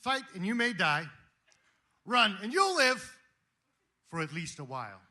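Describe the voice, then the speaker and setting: A man acting out a medieval rebel leader rallying his troops in a loud battle speech. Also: very high-pitched, big pitch swings, moderate pace, reverberant, voice pushed up, full character voice. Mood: rousing. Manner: rousing, shouted battle speech.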